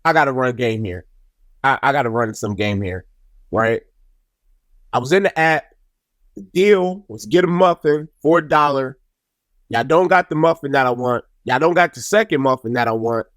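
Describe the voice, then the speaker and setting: A young man hosting a podcast, telling a comic story with animated, exasperated outbursts and casual profanity. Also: medium pitch, no room sound, clean studio sound. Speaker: podcast host.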